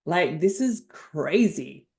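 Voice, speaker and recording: An older woman with an Australian accent, a guest on a podcast interview, telling stories in an effusive, animated way. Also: deep voice, slow pace, creaky. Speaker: guest NLP trainer.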